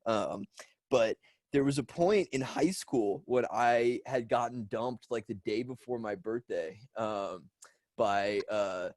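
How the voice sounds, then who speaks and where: A man's voice: medium pitch, slow, a little mellow, no echo. A man co-hosting a podcast, telling stories in a rambling, casual way with lots of fillers and swearing. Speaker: podcast co-host. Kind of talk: casual chat.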